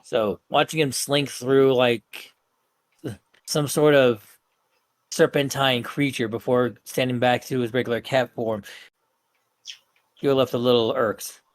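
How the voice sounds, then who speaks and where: A man running a tabletop game as game master, narrating in a halting way and correcting himself often. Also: medium pitch, steady tone, no room sound.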